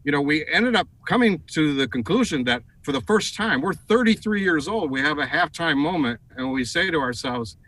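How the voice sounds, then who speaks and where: A middle-aged man tells a story as a TV interview guest. His voice is bright and forceful. He talks in an animated way and leans on fillers and restarts. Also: a little high, moderate pace, hardly any pauses, a little hiss or hum, rough recording. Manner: animated, many fillers and repeated words. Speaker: guest, advertising executive.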